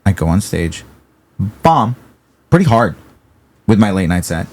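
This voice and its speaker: A young man from Virginia, a comedian guest telling a story in a casual interview, animated and acting out the people he quotes. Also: low voice, unhurried.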